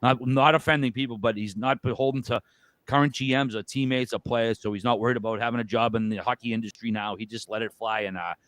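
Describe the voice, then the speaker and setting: A man with a Boston accent, a podcast guest chatting casually, loud, joking and freely profane. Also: medium pitch, fairly even intonation, fast, no echo. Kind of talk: casual interview chat.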